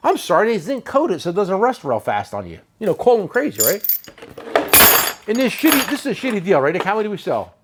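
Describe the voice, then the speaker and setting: A New man rambles and jokes about himself while hosting a tool shop chat. His voice sits high and swings widely in pitch. The recording carries clear shop noise. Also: huge pitch swings, quick pace. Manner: rambling, joking, self-mocking. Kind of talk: casual chat.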